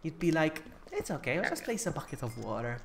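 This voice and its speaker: Excitable man gamer with a lively voice. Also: fairly high pitch, fairly quick, creaky, background noise. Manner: laughs a lot, yelps when startled. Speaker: co-host playing along. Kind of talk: casual live gameplay chat.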